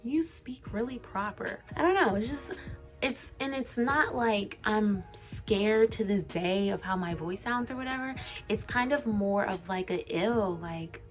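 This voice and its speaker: A woman's voice: mid-range voice, unhurried, soft background music. A young adult woman vlogging, speaking articulately and candidly about personal struggles in an open, emotional way. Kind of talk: candid confessional vlog.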